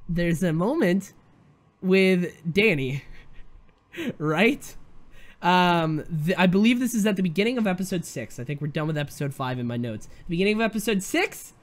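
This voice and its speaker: A man's voice: high voice, animated, moderate pace. A man hosting a casual review of a TV show, rambling and chatty, with frequent fillers and self-interruptions. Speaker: host.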